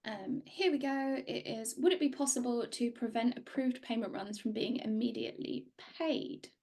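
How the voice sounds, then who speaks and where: Woman hosting a webinar, kinda high voice with lots of fry, friendly and organised, reading out questions. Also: normal speed, darkish tone. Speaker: webinar host. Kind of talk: webinar presentation and Q&A.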